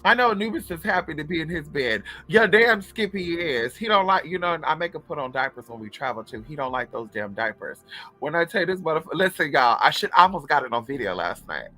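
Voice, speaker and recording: A woman's voice: low-pitched, big pitch swings, fast, pushed and bright. A woman telling stories straight to her viewers in a casual, profane vlog, as a spiritual coach who runs online classes.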